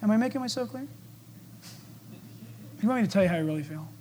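Preaching a sermon in a high-sitting, animated voice at a quick pace, a man swings between loud declarations and hushed asides. He acts out voices and asks the congregation questions, with slight background noise present.

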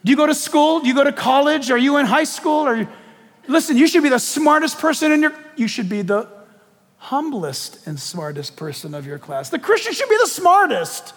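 A man preaching a sermon in an animated, joking way, putting questions to his audience. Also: extremely high pitch, normal speed, long reverb tail.

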